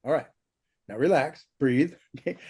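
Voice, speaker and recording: A man talks through an idea with blunt, animated energy. His voice sits a little high, and it leaps up even higher when he mimics someone. He laughs often and curses casually. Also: moderate pace, slightly rough. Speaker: spiritual teacher. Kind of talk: conversational teaching in an interview.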